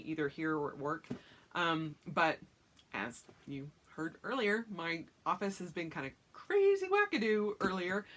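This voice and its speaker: Bright-voiced chatty woman vlogger. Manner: rambling, chatty, acts out quotes in excited high voice. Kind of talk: casual chat to camera.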